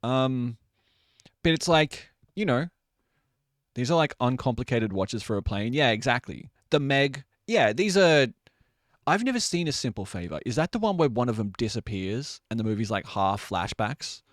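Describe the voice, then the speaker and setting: Aussie streamer dude chatting with chat, laughs a lot, dry close sound. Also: male voice, mid-range voice, sing-song, moderate pace, no echo. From Australia. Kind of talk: casual chat with live chat.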